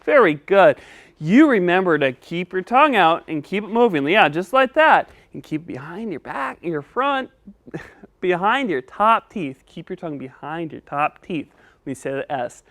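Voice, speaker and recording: Man host for a children's lesson, encouraging and unhurried, animated pitch, dry recording. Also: no room sound. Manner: patient and encouraging. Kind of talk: children's speech lesson with a puppet.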